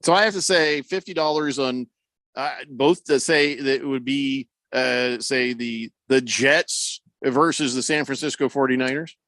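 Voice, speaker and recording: A man's voice: mid-range voice, unhurried, a bit bright, dry recording. A man hosting sports talk radio in playful, laughing banter with his co-host.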